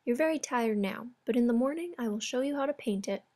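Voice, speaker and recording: A woman voicing a gentle, loving mother hare in a storybook. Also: a little high, animated, quick pace, lightly acted.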